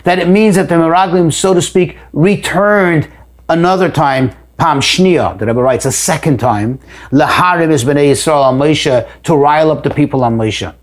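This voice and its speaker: A man's voice: on the high side, normal speed. A man teaching a text study lesson, reading each phrase aloud and then explaining it, with repeated words and emphatic rises. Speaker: Torah teacher.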